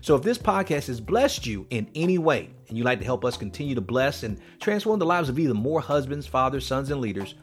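A man hosting a devotional podcast, talking in an earnest, preacherly way with light chuckles. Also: medium pitch. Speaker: podcast host.

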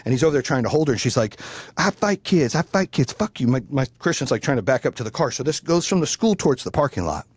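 A man's voice: mid-range voice, animated, very fast, few pauses, a little mellow, slightly rough, no echo. A man telling a heated personal story in casual chat, blunt and profane.

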